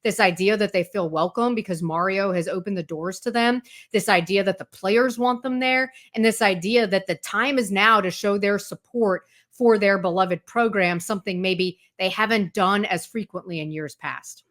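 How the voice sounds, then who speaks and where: Woman, sports reporter, interview guest, fluent, detailed, animated storytelling. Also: medium pitch, normal speed, hardly any pauses. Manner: fluent, detailed explaining with lively retold anecdotes. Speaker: college football reporter, guest.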